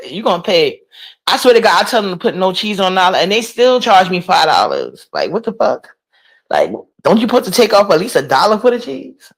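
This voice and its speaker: A woman's voice: on the low side, husky. A woman, chatting casually on a livestream, reading and answering comments. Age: 40s. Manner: gossipy, incredulous, talks back to chat. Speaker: livestream host.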